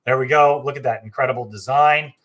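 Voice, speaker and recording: This travel agency host speaks fast in a medium-pitched, slightly bright voice on a casual travel live stream. His chatty enthusiasm comes with frequent fillers and self-corrections.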